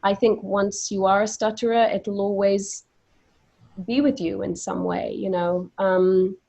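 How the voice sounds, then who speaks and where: A woman who stutters at times, telling stories in a lively way while moderating a panel on a video call. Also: mid-range voice, a little slow, gravelly. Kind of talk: casual conversation on a video panel.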